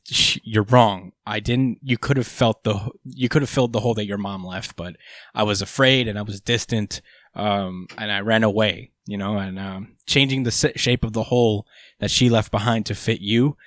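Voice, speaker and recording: A young man co-hosting a casual podcast recaps a manga chapter in a rambling retelling full of fillers. His voice is lowish, recorded with clean studio sound and no echo.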